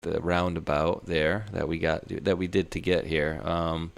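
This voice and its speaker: A man's voice: low voice, little pitch movement, unhurried, gravelly. A middle-aged man from Rhode Island co-hosting a livestream, rambling in loose casual chat and laughing often. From Rhode Island, United States. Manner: loose, rambling, laughs often, drops slang like dude and bro. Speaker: livestream co-host.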